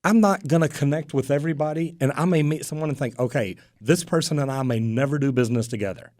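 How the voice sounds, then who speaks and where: A man who runs a plumbing business hosts a radio talk show, chatting casually and telling stories as an easygoing storyteller who acts out quoted dialogue. His voice is fairly high and darkish, and he talks fast. The recording is dry and studio quality, made on a studio microphone.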